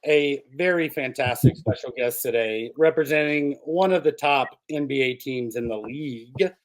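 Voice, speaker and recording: A man's voice: mid-range voice, normal speed, low-quality recording. A man hosting a casual podcast, opening the show as an upbeat, jokey emcee. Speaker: podcast host.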